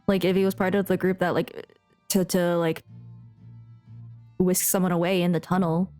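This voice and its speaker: A woman's voice: lowish voice, level tone, normal speed, a little mellow, soft background music. A young woman streamer and voice actress chatting casually while playing a game, giggly and flustered, rambling. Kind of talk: casual live gameplay chat.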